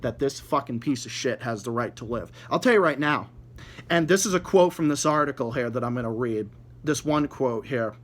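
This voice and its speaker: A man's voice: mid-range voice, fairly bright tone. A man ranting angrily at his viewers, swearing nonstop, repeating and stumbling over words, with a mocking, sarcastic edge. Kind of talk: angry profane rant.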